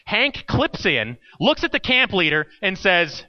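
A man's voice: high voice, sing-song, unhurried, highs cut off. A man preaching an earnest sermon and telling a personal story with drama. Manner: earnest, dramatic storytelling, acts out the people in his stories. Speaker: pastor.

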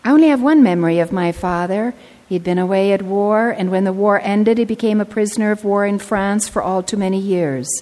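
An older woman pastor preaching a sermon, telling stories earnestly and slowing down to stress her points. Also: mid-range voice, warm tone. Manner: earnest storytelling, slowing for emphasis. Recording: long reverb of a large hall.

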